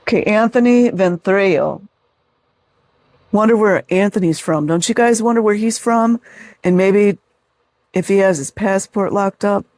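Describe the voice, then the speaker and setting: A man's voice: sits high, unhurried, long pauses, a little mellow, no room sound. A man hosting a video, reading reviews aloud and adding sarcastic, mocking asides in casual commentary.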